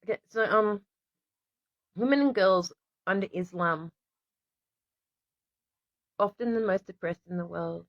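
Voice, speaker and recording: A woman's voice: medium pitch, measured pace, long pauses, no room sound. An Australian woman hosting a casual stream, reading aloud to viewers and often stopping to apologize and restart. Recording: dry, slightly dull lo-fi sound.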